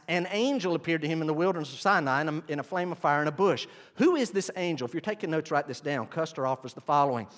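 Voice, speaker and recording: A male pastor preaching a sermon, with emphatic swings in pitch and loudness. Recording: long hall reverb.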